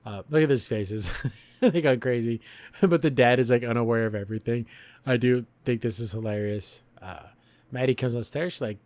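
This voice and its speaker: A man's voice: mid-range voice, moderate pace, darkish tone, dry recording. A man hosting a podcast, retelling a cartoon episode in a casual, rambling way and chuckling often. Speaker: podcast host reviewing a cartoon. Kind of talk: casual review commentary.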